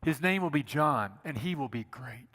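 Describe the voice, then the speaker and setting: Man playing a joyful herald angel, bright and proclaiming, church echo. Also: mid-range voice, animated, normal speed, voice pushed down. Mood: announcing. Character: announcing male angel, joyful messenger. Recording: reverberant church sanctuary.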